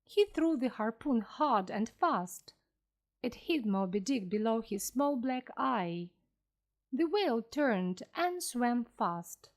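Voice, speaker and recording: A woman narrating a story slowly and clearly for language learners, reading with careful pronunciation. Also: on the high side, big pitch swings.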